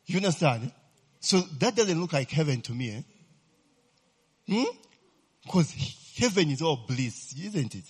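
Animated preacher quizzing his listeners. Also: a little high, measured pace, pauses often, breathy edge. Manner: lively, keeps checking the listeners with "eh?" and quizzing them. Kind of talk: sermon.

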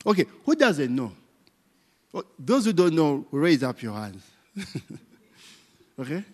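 A man preaches to his congregation, drawing out his words slowly and letting his pitch swing widely. He teases his listeners, tossing out rhetorical "what?" questions and tagging lines with "eh?" and "okay?". His voice rings with the long reverb of a church hall. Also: big pitch swings, darkish tone, breathy edge. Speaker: pastor. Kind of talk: interactive sermon.

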